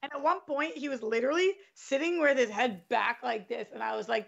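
A young woman in casual conversation, telling a story with lively swearing. Her voice sits a touch high and carries some fry, and the recording sounds a little muffled. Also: fast, hardly any pauses. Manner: animated storytelling, swears freely. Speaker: podcast co-host. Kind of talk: casual chat.

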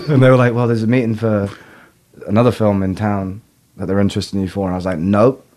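A man's voice: on the low side, flat delivery, fast, darkish tone. A man, an actor, telling stories in a casual interview, laughing often at himself. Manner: laughs often, self-deprecating. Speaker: actor guest.

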